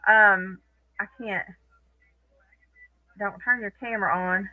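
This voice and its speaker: A woman's voice: medium pitch, fairly even intonation, slow, narrow, tinny audio. A woman hosting a casual live stream from home, chatting with viewers by name and laughing often.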